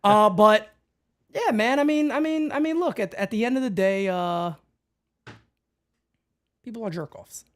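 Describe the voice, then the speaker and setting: A man's voice: sits high, a little slow, pauses often, a bit bright. A man from the Bronx with a Bronx New York accent, co-hosting a fan talk show in casual chat, brash and swearing freely.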